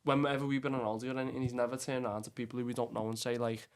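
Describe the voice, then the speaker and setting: This is a young English podcast guest with a Scouse accent from Liverpool, talking very fast in a mid-range, level voice. His chat is casual and rambling, stuffed with fillers and curses, and "lad" pops up again and again.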